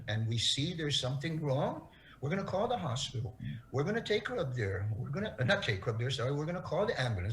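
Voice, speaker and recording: A middle-aged man from Guam, an interview guest telling his story in an earnest, halting way that repeats words. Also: mid-range voice, fairly bright tone, a little hiss or hum, rough recording. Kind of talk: emotional interview testimony.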